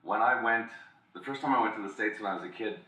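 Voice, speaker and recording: A podcast co-host tells rambling stories in a casual chat, slipping into brief voice impressions. His lowish voice is fast and sharp-toned, picked up off mic from a distance, with dull lo-fi sound in an echoey room.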